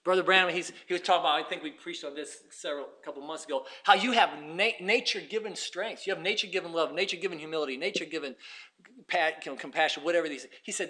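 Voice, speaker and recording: Man, preacher, sermon, swings from whispers to shouts, high voice. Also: fast talker. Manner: swings from hushed asides to shouted emphasis.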